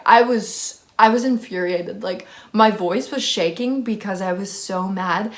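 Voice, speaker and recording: A woman's voice: medium pitch, measured pace, hardly any pauses. A young woman telling a storytime vlog story, rambling and heated, with lots of "like". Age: young adult. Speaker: vlogger.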